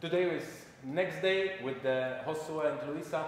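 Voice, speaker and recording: A man's voice: on the high side, unhurried. A salsa instructor gives short coaching remarks in broken phrases. His voice is recorded in a very reverberant room with a long decay. Faint background noise sits underneath. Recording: very echoey room, heard from far off.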